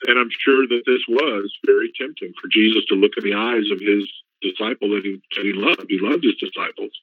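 A man's voice: on the low side, brisk, no room sound, narrow, tinny audio. A man joining a Bible study discussion, giving his view in a casual, thoughtful way.

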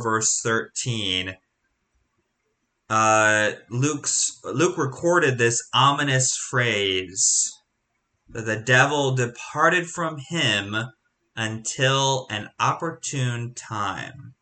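A man leading a Bible study in a halting, conversational way, full of restarts and rhetorical questions. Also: mid-range voice, pushed and bright. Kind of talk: casual Bible teaching.

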